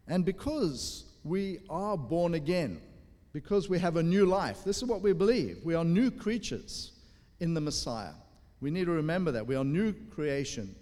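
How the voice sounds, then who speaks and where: A man preaches a teaching sermon with a slightly raised pitch, explaining each point step by step with short filler pauses. His voice rings out with a long hall reverb. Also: dark tone. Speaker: pastor.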